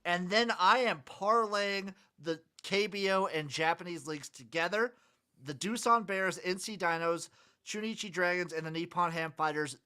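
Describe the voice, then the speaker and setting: A man co-hosting a casual sports betting podcast, listing his picks with dry, deadpan jokes. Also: sits high, normal speed, clean tone. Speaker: podcast co-host.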